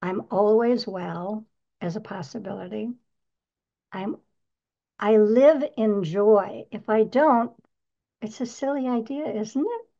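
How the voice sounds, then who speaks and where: A woman's voice: medium pitch, slow pace, vocal fry, pauses often, dark tone, muffled recording. A woman in her nineties giving an earnest, upbeat motivational talk on her podcast, asking the listener rhetorical questions. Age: 90s. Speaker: podcast host.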